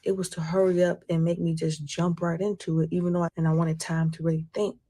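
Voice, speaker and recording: Low, flat-voiced woman recounting her story. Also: quick pace. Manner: repeats phrases, often says "you know what I'm saying". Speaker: former group member giving testimony. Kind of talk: recounting personal story in interview.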